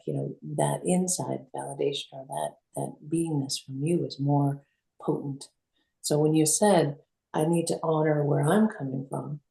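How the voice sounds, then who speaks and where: Female co-host, low gravelly voice, mellow tone, roomy sound, lively storyteller. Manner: animated storytelling, acts out quotes. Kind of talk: reflective conversational talk. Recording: roomy echo.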